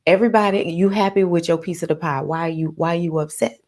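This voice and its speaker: A woman's voice: on the low side, fast, a little mellow, close to an everyday voice. A woman voicing the planet Saturn as an exasperated scold telling everyone to stop trying to change. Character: stern, controlling planet Saturn, defending the old order.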